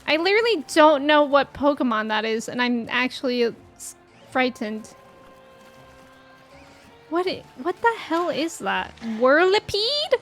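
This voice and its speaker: A young woman streaming a game live, chatting to her viewers, excitable and quick to shriek or laugh when startled. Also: high voice. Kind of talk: live gameplay commentary. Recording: game music playing underneath. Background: faint game music.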